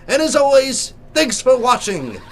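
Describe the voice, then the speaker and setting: A man's voice: very high voice, wildly swooping pitch, unhurried, a little hiss or hum. A young man with a sore throat giving jokey, theatrical let's play commentary as a gaming YouTuber.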